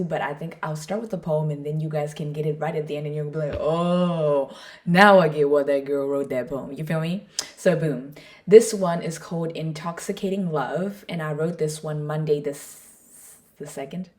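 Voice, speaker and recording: A woman's voice: sits low, normal speed, roomy sound. A young woman hosting her own podcast, chatting playfully and reading her poem aloud. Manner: chatty, playful, self-mocking. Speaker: podcast host. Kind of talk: casual podcast chat and poetry reading.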